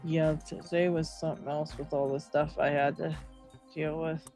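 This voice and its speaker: A man's voice: a little high, level tone, moderate pace, a little mellow. Man, livestream host, casual chat, laid-back, frequent laughter, faint music.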